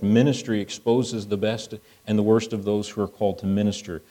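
A man's voice: fairly low pitch, mellow, low-quality recording. A middle-aged man preaching a sermon in a conversational way, acting out dialogue as he goes.

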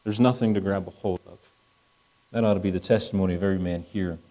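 A man's voice: low voice, steady tone, fast, dark tone, low-quality recording. A middle-aged man preaching a sermon in a conversational way, acting out dialogue as he goes.

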